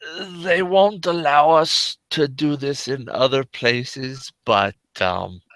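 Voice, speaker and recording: A man's voice: medium pitch, takes it slowly, fairly bright tone, no echo, pitched above the performer's own voice, rough recording. A man voicing the courteous male leader of an underground brotherhood, speaking politely and formally.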